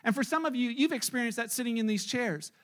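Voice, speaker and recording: High-voiced man preaching conversationally. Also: fast, a bit bright. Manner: conversational, acts out quoted voices. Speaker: pastor. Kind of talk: sermon.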